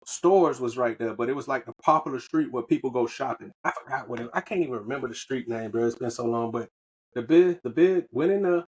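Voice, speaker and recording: A man's voice: medium pitch, a little fast, a little hiss or hum. A man from the US, telling a loose, profane story on a podcast in casual slang. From Southern United States. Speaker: podcast co-host.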